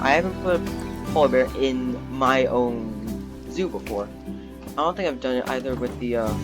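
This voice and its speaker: Chatty young man over game music. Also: mid-range voice. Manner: chatty, rambling, easily excited. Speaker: gaming YouTuber. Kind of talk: casual gameplay commentary.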